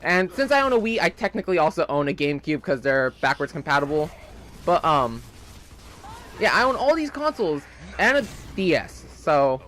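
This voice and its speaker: A man's voice: a little high, very animated, normal speed, a bit bright, a little hiss or hum. A young man rambling casually in gameplay commentary, chatty and full of fillers. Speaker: gaming channel host.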